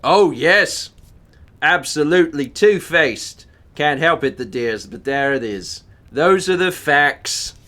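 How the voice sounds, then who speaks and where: A man voicing a cheerful, gossipy British gentleman in a plummy put-on British accent. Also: on the high side, animated, slow, full character voice. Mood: teasing. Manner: jolly, plummy, chatty.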